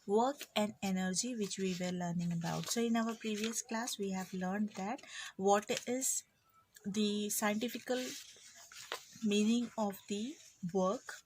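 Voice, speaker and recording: A woman's voice: mid-range voice, fairly even intonation, measured pace, a little mellow, a little hiss or hum. A woman with an Indian English accent teaching an online physics class in a chatty way, acting out her students' lines.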